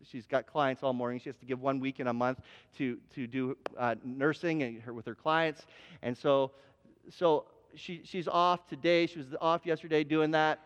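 A man's voice: a little high, smooth, highs cut off. A man preaching a sermon as pastor, telling a story in a conversational, self-deprecating way and acting out bits of dialogue. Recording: long hall reverb.

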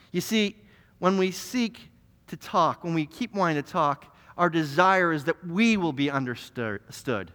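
High-voiced male preacher in a reverberant hall. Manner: emphatic, animated storytelling. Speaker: pastor. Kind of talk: sermon.

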